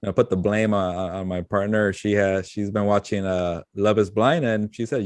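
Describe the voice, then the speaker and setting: Playful man with a low voice. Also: steady tone, a little fast, hardly any pauses, darkish tone, dry recording. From Latino American. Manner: playful, mixes in Spanish words. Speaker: podcast co-host. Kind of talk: casual chat.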